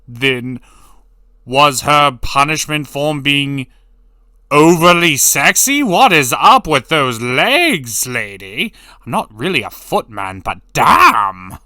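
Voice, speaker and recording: Lively, bright-voiced male cartoon reviewer. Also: mid-range voice, dry recording. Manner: blunt, sarcastic, swears freely. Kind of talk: casual recap commentary.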